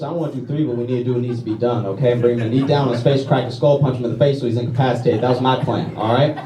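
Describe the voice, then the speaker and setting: A man's voice: mid-range voice, fairly even intonation, racing, hardly any pauses, dark tone. A young man from Louisiana doing a stand-up comedy set on a club stage, casually tagging his lines with "all right?" and "okay?". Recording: roomy club sound, mic heard from a distance, audience laughter.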